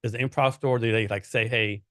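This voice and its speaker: A man hosting a casual podcast, asking winding questions padded with fillers. His voice has an average pitch for a man, and the recording is dry and close. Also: steady tone, a little fast, bright, forceful tone, no room sound. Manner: rambling questions with many fillers. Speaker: podcast host. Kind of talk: casual interview chat.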